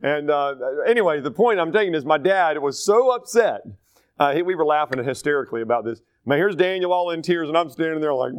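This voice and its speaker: A pastor from North Carolina teaches scripture and drifts into folksy stories. His voice sits a bit high for a man. The recording is dry, with no room sound. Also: animated, brisk, clean tone, no room sound. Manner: conversational, digressive storytelling. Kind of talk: sermon, Bible study teaching.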